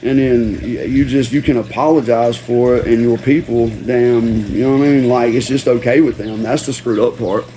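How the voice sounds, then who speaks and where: A livestream host in full rant mode, cursing freely and hammering the same phrases again and again. His voice sits at an ordinary middle pitch for a man, and a faint hiss of noise runs under it. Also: steady tone, normal speed, hardly any pauses, dark tone. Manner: profane, slangy, repeats himself for emphasis.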